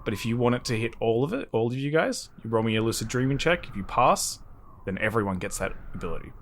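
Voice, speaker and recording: A man running a tabletop role-playing game as game master, narrating scenes slowly and deliberately. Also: mid-range voice, animated, slight background noise.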